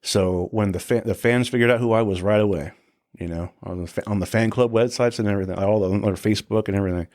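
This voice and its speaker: A man's voice: on the low side, quick pace, darkish tone, dry recording, clean studio sound. A man in his forties, a guest on a podcast, telling casual anecdotes with lots of swearing, acting out quotes and laughing often. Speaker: guest, tour security guard.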